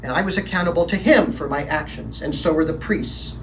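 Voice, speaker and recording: A man's voice: a little high, fairly quick, distant mic, background noise, close to an everyday voice. A man playing a troubled, defensive middle-aged Roman governor in a first-person dramatic monologue, telling his story in a brooding, confessional way with emphatic quoted lines.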